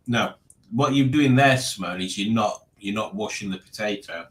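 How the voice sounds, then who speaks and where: A man's voice: lowish voice, moderate pace, a bit bright. A man hosting a live stream, reading chat aloud in a chatty, jokey way and laughing often. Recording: roomy echo.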